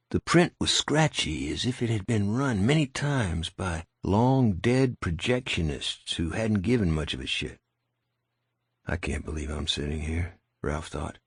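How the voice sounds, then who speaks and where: A man narrating an audiobook in a wry, even storytelling manner, recorded close. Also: lowish voice, creaky, breathy edge, no echo. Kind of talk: scripted narration.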